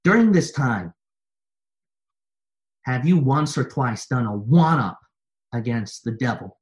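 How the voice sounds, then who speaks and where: A male pastor preaching a sermon at a mid pitch. He leans on repeated refrains, starting low and subdued and climbing into loud, forceful calls. The delivery swings hard between quiet stretches and shouted peaks. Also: animated, takes it slowly. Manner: repetitive preaching refrains, building to forceful exhortation.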